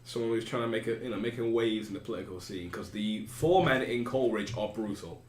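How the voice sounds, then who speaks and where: A man's voice: on the low side, quick pace, slight background noise. A man narrating as game master in a conversational, rambling way with restarts, recorded with a roomy echo.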